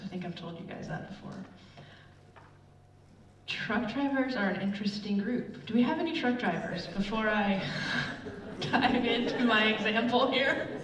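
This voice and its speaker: Woman telling stories in a roomy hall. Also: mid-range voice. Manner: chatty, animated storytelling with many fillers. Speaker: church speaker. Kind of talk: casual sermon with personal stories. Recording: roomy, distant, dull with faint room noise.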